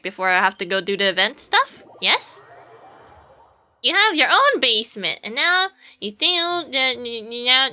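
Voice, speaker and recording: A woman's voice: mid-range voice, sharp tone, clear, resonant tone. A woman streamer giving casual gameplay commentary, rambling playfully to her viewers and swearing now and then.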